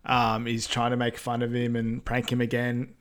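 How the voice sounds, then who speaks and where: A man co-hosting a casual podcast, recapping film scenes in a relaxed, hesitant way with many ums. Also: medium pitch, moderate pace, clear, resonant tone. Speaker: podcast co-host.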